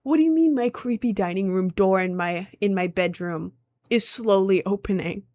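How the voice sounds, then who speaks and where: A woman's voice: mid-range voice, normal speed, darkish tone. New york woman rambling at home, reads chat messages, lots of likes and ums. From New York City. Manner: rambling, lots of filler words. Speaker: streamer. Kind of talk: casual chat reading viewer messages. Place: at home, indoors.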